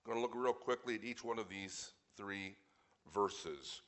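A pastor delivers an evening sermon in a lowish, slightly bright voice. He speaks earnestly and plainly, tosses in wry asides, and reads scripture slowly and with weight.

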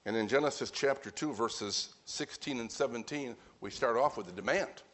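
A man preaching a sermon at a brisk pace, stressing his points and repeating them. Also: medium pitch, a bit bright.

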